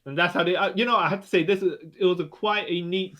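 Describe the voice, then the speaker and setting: Fairly high-voiced man in a chatty discussion. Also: steady tone, bright, forceful tone. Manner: chatty, adds joking asides and quick agreement. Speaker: comic book podcast co-host. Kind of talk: casual chat.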